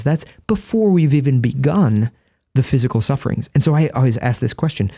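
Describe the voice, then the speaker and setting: A man's voice: medium pitch, warm tone, no room sound. A man, a Catholic priest and guest, explaining in earnest, vivid storytelling with a close studio microphone. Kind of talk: conversational explanation.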